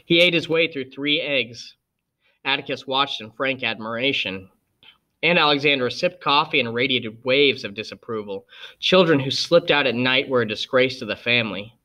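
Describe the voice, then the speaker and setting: Man reading a novel aloud, bright tone. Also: mid-range voice, normal speed. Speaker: audiobook reader. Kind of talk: scripted narration.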